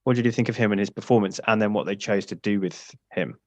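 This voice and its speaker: A man hosting a film podcast, talking in a measured, analytical way. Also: on the low side, dry recording, muffled recording. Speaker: podcast host. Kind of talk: casual chat.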